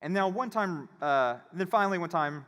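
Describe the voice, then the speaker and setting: A man giving a conference talk, telling a casual, animated story and acting out the voices of the people in it. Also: high voice, moderate pace. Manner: animated, acts out quoted voices. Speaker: conference speaker. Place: conference hall. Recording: reverberant hall.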